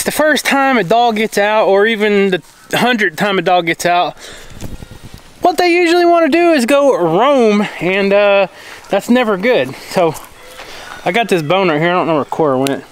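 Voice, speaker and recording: A man's voice: high-pitched, slight background noise, poor audio. A man, a farmer vlogging casually outdoors and chatting with his dogs. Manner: easygoing, chats with his dogs. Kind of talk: casual vlog narration. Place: outdoors on a farm.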